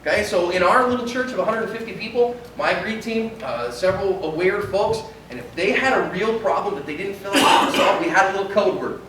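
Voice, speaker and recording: A man who is a pastor, giving an animated conference talk and acting out little dialogues. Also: high voice, fairly quick, hardly any pauses, background noise. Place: large conference hall. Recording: echoey hall from far off.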